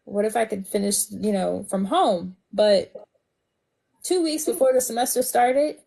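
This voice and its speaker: A woman's voice: medium pitch, unhurried, creaky, warm tone. A woman talking as a guest in a casual live chat, chatty and full of fillers.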